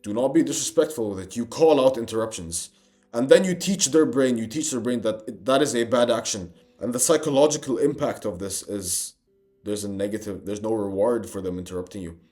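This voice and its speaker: A man's voice: lowish voice, fairly quick, mellow, soft background music. Intense young man, emphatic profane pep talk. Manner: intense, emphatic, profane, addresses listener as bro. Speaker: self-improvement influencer. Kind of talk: motivational monologue to camera.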